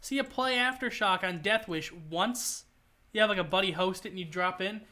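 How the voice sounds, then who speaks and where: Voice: medium pitch, normal speed, bright, forceful tone. A streamer chatting casually while gaming, rambling with lots of filler words.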